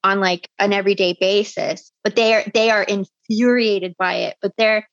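A woman from Canada hosting a casual podcast chat, blunt and quick to swear. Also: medium pitch, fairly even intonation, no echo, lo-fi sound. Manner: blunt, swears freely, quick back-channel replies. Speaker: podcast host.

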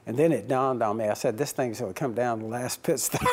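A man's voice: medium pitch, huge pitch swings, a little slow, breathy edge. Man, team owner type, anecdotal storyteller who laughs through his answers and voices both sides of old conversations. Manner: chuckling anecdotal storyteller, acts out dialogue.

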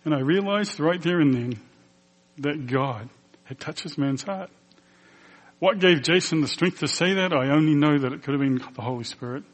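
A man who is a pastor telling a personal testimony in a sermon, emotional and earnest, acting out the dialogue as he tells it. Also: on the high side. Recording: long hall reverb.

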